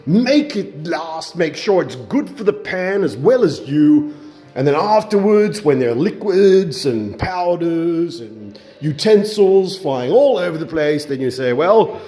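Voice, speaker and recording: A slightly high-voiced man rambles through a comic cooking-show monologue in his home kitchen. He is bawdy and self-mocking and chuckles at his own jokes. Faint music plays underneath. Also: sing-song, a little slow, warm tone.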